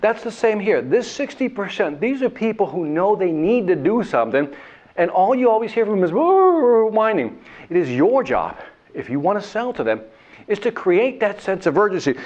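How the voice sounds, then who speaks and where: A man delivers a lively sales training talk, and his voice rides fairly high with wide swings in pitch. He acts out the people he describes. The recording sounds dull and lo-fi. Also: normal speed. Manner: animated, acts out whining voices and characters. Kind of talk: motivational sales talk with a told story.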